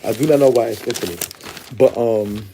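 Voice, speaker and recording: A man's voice: fairly low pitch, brisk, warm tone, a little hiss or hum. A young man chatting casually to his viewers, swearing and laughing as he talks, recorded close on a phone or webcam. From Louisiana. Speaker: vlogger.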